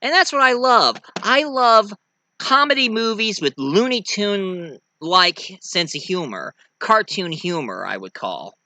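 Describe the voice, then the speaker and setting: A young man giving a rambling, excitable casual movie review. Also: high-pitched, unhurried, no echo.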